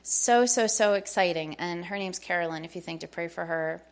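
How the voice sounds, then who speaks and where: A woman's voice: on the low side, moderate pace. A middle-aged woman telling a personal faith testimony to a congregation, eager and storytelling, acting out the dialogue she recounts. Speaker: church member sharing testimony.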